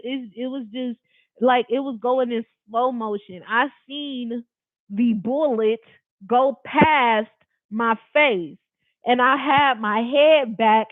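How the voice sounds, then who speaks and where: A person from Long Beach, California telling a personal story to camera in an animated, emphatic, slangy and profane way, talking straight to viewers. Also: mid-range voice, dry recording. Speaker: storyteller recounting a personal experience. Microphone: camera facing the speaker. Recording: dry, tinny phone-like sound.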